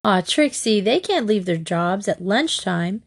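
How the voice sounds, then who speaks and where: A woman's voice: mid-range voice, expressive, unhurried. A woman voicing a teasing, impatient teenage boy in a storybook reading.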